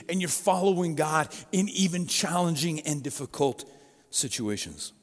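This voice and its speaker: Man, middle-aged, pastor, sermon, conversational, slightly high pitch, long reverb. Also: expressive, normal speed. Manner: conversational storytelling with personal asides. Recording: long reverb of a large hall.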